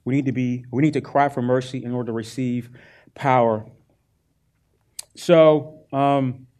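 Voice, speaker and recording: A male pastor preaching a sermon, earnest and animated as he retells a Bible story. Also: mid-range voice.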